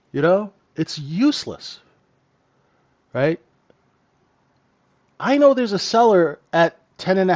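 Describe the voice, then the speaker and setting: Heard over dull, lo-fi stream audio, this man has a high voice with a darkish tone. He mentors traders live in a trading room, speaking bluntly and emphatically and tacking "right?" onto his sentences.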